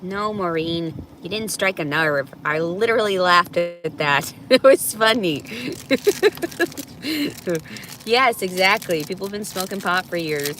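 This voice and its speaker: Outdoors in a park, a woman with a deep, slightly bright voice chats candidly, reacting to viewer messages as a reality show subject. She laughs often and swears freely, with slight background noise.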